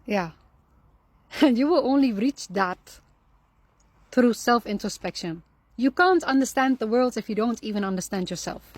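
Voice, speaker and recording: A woman giving calm, earnest spiritual advice on anger and forgiveness, repeating her key phrases for emphasis. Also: a little high, moderate pace, long pauses, no room sound. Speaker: Islamic lifestyle speaker. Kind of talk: reflective spiritual advice talk.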